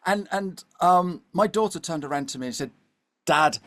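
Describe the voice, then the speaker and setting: A man's voice: high-pitched, a little fast. A middle-aged man, a podcast guest, telling a story animatedly and checking in with his listener often. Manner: animated, keeps checking in with "okay?" and "all right?". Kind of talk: storytelling conversation.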